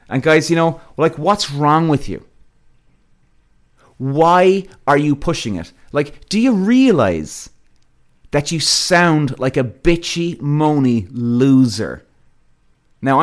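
A man hosting a podcast, delivering a blunt, profane rant straight to his listeners. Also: mid-range voice. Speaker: podcast host. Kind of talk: ranting monologue to listeners.

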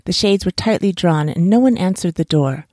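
A woman reading a children's bedtime story aloud for her podcast in a calm, even way. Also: on the low side, moderate pace, dry recording, studio quality.

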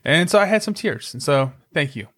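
A man's voice: fairly high pitch, lively intonation, a little fast, fairly bright tone. A man in his thirties co-hosting a faith podcast, talking in an emphatic, exhorting and casual way. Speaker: podcast co-host.

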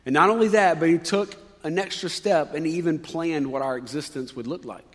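A man's voice: a little high, fairly quick, fairly bright tone, long reverb tail. A male pastor preaching a sermon in a conversational way, rising with emphasis on key points.

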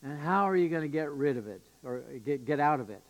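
A man's voice: fairly high pitch, lively intonation, brisk. A male pastor giving an earnest, emphatic sermon with occasional fillers and restarts. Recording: long reverb of a church hall.

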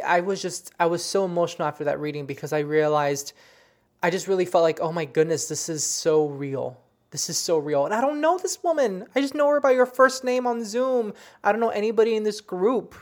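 A woman telling stories of her psychic readings in a casual, animated monologue, full of fillers and restarts. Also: lowish voice. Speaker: psychic medium recounting readings.

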